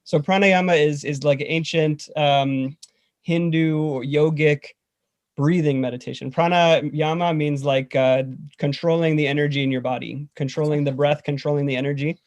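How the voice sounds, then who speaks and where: A man guest explaining a breathing meditation in a relaxed, rambling way, full of "like". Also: fairly high pitch, moderate pace, no room sound. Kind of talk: casual video-call chat and instruction.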